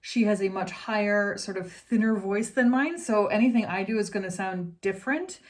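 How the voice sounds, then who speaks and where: A woman teaching singing in a relaxed, chatty way, breaking off to sing short demonstration lines. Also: mid-range voice, moderate pace. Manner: chatty, explanatory, with sung demonstrations. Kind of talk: casual vocal lesson.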